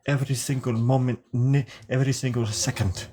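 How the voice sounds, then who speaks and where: A man's voice: mid-range voice, a little slow, a little mellow, slight background noise. A man chatting casually on a live stream while he draws, rambling and joking and laughing often. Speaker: live-streaming drawing host.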